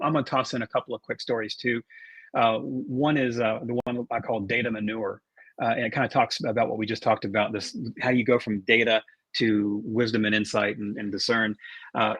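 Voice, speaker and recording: Over a conference video call, a man moderates the talk and handles the questions, speaking steadily but often restarting and saying um. His voice is mid-range with a breathy edge, and the audio is poor though free of echo.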